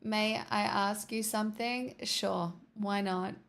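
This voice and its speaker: A young woman with an Australian accent chatting to her live stream viewers, answering their comments in a flat, tired way with self-mocking jokes. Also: medium pitch, slow, vocal fry. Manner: flat, tired delivery with joking self-mockery. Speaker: livestreamer. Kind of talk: casual live chat reading comments.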